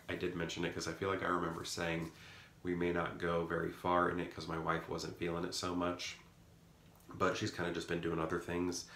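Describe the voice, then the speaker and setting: A man rambles through a casual vlog. His deep voice has a gravelly fry and a bright edge. He is recorded in an echoey indoor room with faint noise behind him. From rural Midwest of the US. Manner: rambling, musing, self-correcting. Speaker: vlogger.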